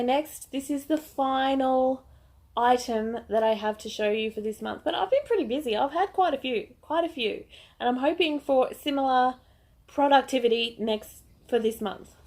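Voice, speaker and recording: A woman's voice: fairly high pitch, darkish tone. An Australian woman, a bit sick with a voice that is not projecting, chatting casually and gushing in a crochet vlog. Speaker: crochet vlogger.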